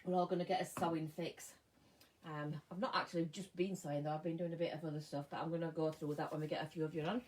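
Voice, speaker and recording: A woman's voice: sits low, level tone, fast talker, a little mellow, poor audio. A middle-aged English woman hosting a live sewing stream, chatting casually, greeting viewers by name and sometimes losing her words, sounding tired. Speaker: sewing channel host. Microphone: phone or camera mic.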